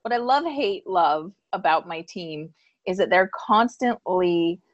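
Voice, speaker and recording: A woman co-hosting a live-streamed chat, telling a personal story in an animated way and laughing often. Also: fairly low pitch, a little slow, no echo, highs cut off. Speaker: podcast co-host and psychic reader.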